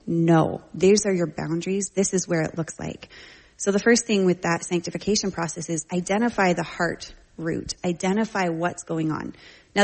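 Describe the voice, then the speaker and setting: A middle-aged woman and parent teaching from scripture in a conversational, slangy style, telling lively family stories. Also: on the low side. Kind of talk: casual teaching talk.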